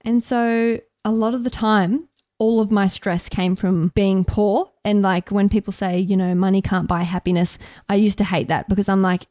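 A young Australian woman co-hosts a podcast, talking in a bubbly, chatty way at a middling pitch. Her voice is recorded close and dry, with no room around it. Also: level tone, warm tone, no room sound. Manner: chatty, bubbly, quick to laugh. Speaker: podcast co-host, radio journalist. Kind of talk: casual podcast chat.

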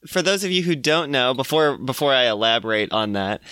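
A young man with a bright, forceful voice talks loosely as a podcast co-host, full of fillers and quick laughs. The sound is dry and close. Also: medium pitch, animated, clean tone, no echo. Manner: rambling, laughing, lots of fillers. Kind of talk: casual chat.

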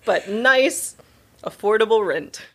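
A woman from Texas in relaxed casual conversation, agreeable and easygoing. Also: mid-range voice, slow pace, husky. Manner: relaxed, agreeable, short backchannels. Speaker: conversation partner. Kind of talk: casual chat.

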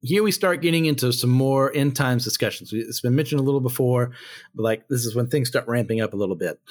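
A man's voice: medium pitch, fast talker. A man hosting a Bible study, reading scripture aloud and then commenting on it in a loose, conversational way with many fillers and asides.

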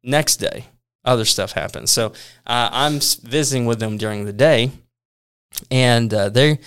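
A man, a preacher, casually telling a funny story about his travels, animated and self-deprecating, laughing often. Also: mid-range voice, measured pace, clean tone.

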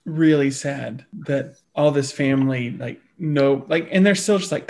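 A man co-hosting a podcast, chatting casually and quickly agreeing with the others. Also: mid-range voice, vocal fry, darkish tone. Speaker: podcast co-host. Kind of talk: casual chat.

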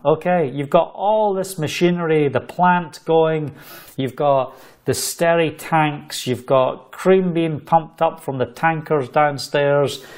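Man with a higher voice preaching. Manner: animated storytelling with fillers. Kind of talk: sermon testimony.

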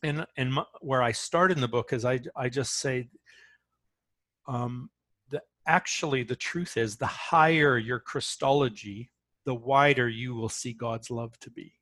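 A man's voice: medium pitch, a little slow, a bit bright, no room sound. Earnest male author, dry close sound. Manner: earnest, often restarts phrases. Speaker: author being interviewed. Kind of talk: earnest conversational storytelling.

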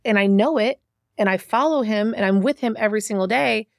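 A woman's voice: medium pitch, brisk, vocal fry, no echo. Middle-aged lady guest on a podcast, rambling storyteller, dry close sound. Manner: chatty storyteller, many restarts. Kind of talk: casual conversation.

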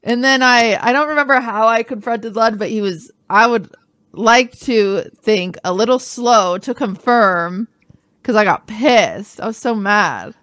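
A young woman hosting a casual podcast chat, telling her side of a story in an animated, indignant way. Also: fairly high pitch, unhurried, no echo. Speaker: podcast host.

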